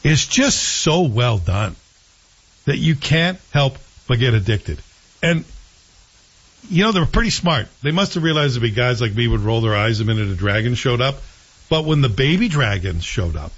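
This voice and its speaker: A man's voice: medium pitch, sing-song, moderate pace, long pauses, a bit bright, husky, muffled recording. A man hosting a show, chatting casually and with strong opinions about a TV series he is watching. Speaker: show host. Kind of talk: casual TV review chat.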